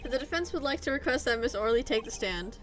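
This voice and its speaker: A woman reading a sharp young defense lawyer. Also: a little high, lively intonation, fast, faint music behind. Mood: pointed.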